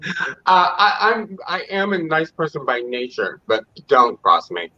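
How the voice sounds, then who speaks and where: Man, guest, candid, easygoing, bright, dull lo-fi call audio. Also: on the high side, sing-song, measured pace. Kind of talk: casual chat.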